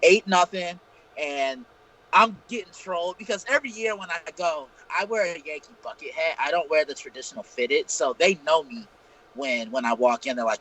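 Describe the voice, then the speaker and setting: A man's voice: on the high side, animated, fairly quick, bright, forceful tone, poor audio. A man co-hosting a casual live-streamed talk show, telling profane, rambling stories. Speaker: podcast co-host. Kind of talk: casual storytelling chat.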